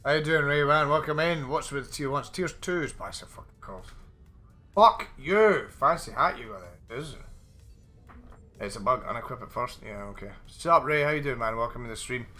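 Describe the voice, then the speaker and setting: A man's voice: medium pitch, lively intonation, fairly quick, bright, forceful tone, soft background music. A man live-streaming a game, chatting casually with viewers, swearing a lot and going off on rambling rants. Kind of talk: casual live-stream chat while gaming.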